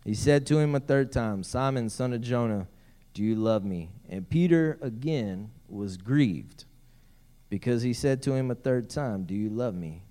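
A man's voice: medium pitch, lively intonation, a little slow, mellow. A man preaching a sermon as pastor, reading scripture aloud and breaking in with playful asides.

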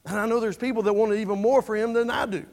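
A man's voice: sits high, fairly even intonation, rapid-fire, darkish tone. A man preaching a sermon in a church, speaking earnestly and conversationally, often repeating words as he goes. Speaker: pastor.

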